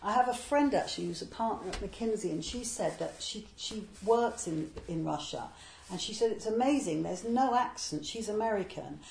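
A woman, a literary translator, explaining a poet's life in a digressive way and reading verse slowly and deliberately. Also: mid-range voice, expressive, vocal fry, darkish tone, echoey room, slight background noise, low-quality recording. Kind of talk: talk on poetry with a verse reading.

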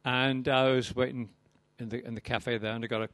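Wry older poet. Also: male voice, medium pitch, level tone, a little fast, fairly bright tone, dry recording. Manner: wry, rambling, self-deprecating. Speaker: poet performing to an audience. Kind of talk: live poetry reading with chatty asides.

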